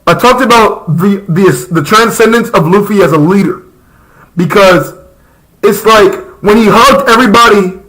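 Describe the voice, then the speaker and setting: A man's voice: high-pitched, pushed and bright, rough recording. A young man chatting casually and passionately as a live reaction streamer, rambling in slang.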